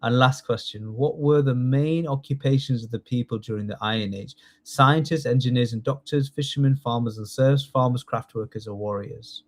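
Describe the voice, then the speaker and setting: A man's voice: mid-range voice, moderate pace, hardly any pauses, slight background noise. A man in his thirties, a tutor running a live online quiz lesson, chatty and jokey, reading out multiple-choice questions and praising students by name. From United Kingdom. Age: 30s. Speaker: citizenship test tutor.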